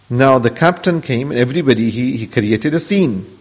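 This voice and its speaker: A man's voice: medium pitch, animated, moderate pace. A man giving a religious lesson, telling an old story in an earnest way. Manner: earnest, story-driven, peppered with pious honorifics. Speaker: Islamic religious teacher. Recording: dull lo-fi audio with long hall reverb.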